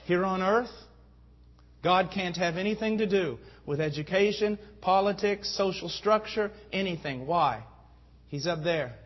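A man's voice: high-pitched, a little slow. A man preaching a sermon with fervent delivery that rises to emphatic peaks. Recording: dull lo-fi sound.

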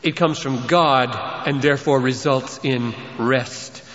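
A man's voice: fairly even intonation, slow, a bit bright. A man preaching a sermon as a pastor, building to impassioned emphasis. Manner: impassioned, rising in pitch and force for emphasis. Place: church sanctuary. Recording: dull, roomy reverberant church recording.

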